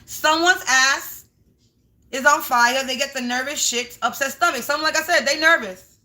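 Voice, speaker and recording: A woman's voice: high voice, normal speed, sharp tone. A woman doing a casual spiritual reading on a livestream from home, emphatic and repetitive, talking straight to her viewers.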